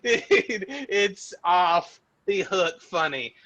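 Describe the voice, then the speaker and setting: A man co-hosting a podcast in casual chat, excitable, laughing often and swearing casually. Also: high-pitched, extremely slow, poor audio. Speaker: podcast co-host.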